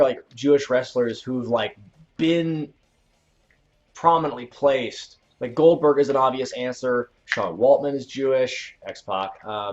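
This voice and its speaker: A man hosting a casual livestream, chatting while he plays a video game. He rambles and corrects himself, and breaks into sudden loud outbursts at the game. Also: mid-range voice, muffled recording. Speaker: channel host.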